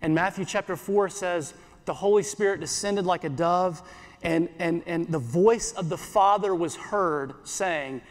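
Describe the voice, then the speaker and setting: A pastor giving an earnest sermon in church, repeating phrases and slowing down for scripture. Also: male voice, sits high, big-room sound.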